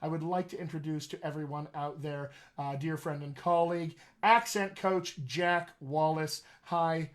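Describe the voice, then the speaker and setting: A man's voice: a little high, steady tone, measured pace, few pauses. A man who is a dialect coach, hosting a casual, joking livestream over a video call. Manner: chatty, joking, upbeat. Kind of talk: casual livestream talk to viewers.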